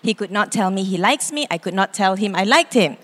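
A woman, preaching a sermon as pastor, expressive and quick to act out voices. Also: mid-range voice. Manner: expressive, acts out quoted voices, laughs easily. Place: church hall. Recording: long reverb in a church hall.

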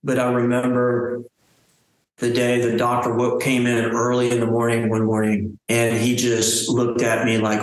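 Man, interview guest, halting delivery, flat steady pitch, strong room echo. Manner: halting, with restarts and trailing phrases. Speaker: guest, coma survivor. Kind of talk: personal storytelling in an interview. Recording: very echoey room.

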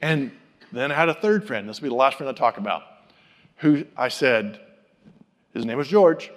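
A man preaching a sermon, telling personal stories and acting out the people he quotes in an animated way. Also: medium pitch, normal speed, big-room sound. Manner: animated, acts out quoted voices. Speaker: pastor. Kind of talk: sermon storytelling.

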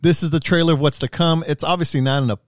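A man's voice: fairly high pitch, steady tone, very fast, dry recording, clean studio sound. A man co-hosting a podcast, teasing and rambling in slangy, casual chat. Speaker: podcast co-host.

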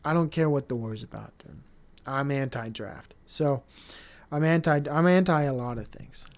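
Young guy ranting on his podcast, swears a lot, rambles, middle pitch. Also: normal speed. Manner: profane, rambling, mocking voices. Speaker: podcast host. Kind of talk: casual solo podcast rant.

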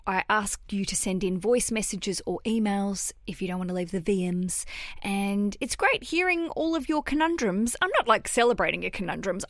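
An Australian woman hosting a podcast, talking in an excitable, straight-talking way and swearing freely. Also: medium pitch, dry recording, studio quality. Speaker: podcast host. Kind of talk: casual solo podcast chat.

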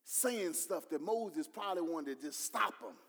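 A man's voice: a little high, animated, unhurried, fairly bright tone, husky. A man, his words ringing out with a long echo. He builds in intensity and slips into the voices of others. The sermon unfolds in a reverberant hall. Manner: preaching with rising intensity, acting out voices of others. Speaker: pastor.

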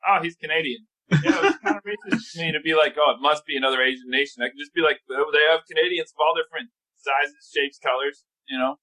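A man's voice: a little high, fast, bright, forceful tone, rough recording. A man from the United States in casual comedic chat, with a dry, ironic delivery.

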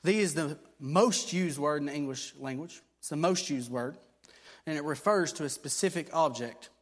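A man with a somewhat high voice preaches in a loose, conversational way, stopping and restarting as he explains. He swings into forceful, repeated declarations. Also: moderate pace. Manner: conversational teaching with frequent fillers and restarts; builds to emphatic repeated declarations. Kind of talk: sermon.

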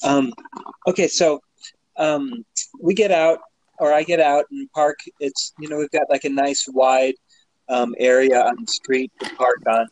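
A man's voice: mid-range voice, measured pace, slight background noise, rough recording. A man co-hosting a podcast, telling a rambling story full of fillers, swearing and laughter, a little drunk. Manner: rambling, many fillers, laughing, swearing, animated when retelling. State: tipsy. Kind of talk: casual storytelling chat.

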